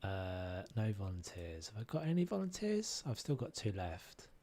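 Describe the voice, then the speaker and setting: A man's voice: on the low side, sing-song, normal speed, warm tone. A man casually chatting and musing aloud while live-streaming a game, now and then humming tunes.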